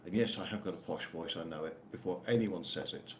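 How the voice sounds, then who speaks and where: A man's voice: low voice, fast talker. An older man co-hosting a casual live stream at home, bantering with a dry, teasing manner. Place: home in Spain. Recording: roomy with faint noise.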